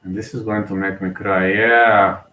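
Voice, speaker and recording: A man's voice: fairly low pitch, flat delivery, moderate pace, reverberant, narrow, tinny audio. A man giving casual live fight commentary, emotional and hesitant as he thinks aloud. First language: Serbian.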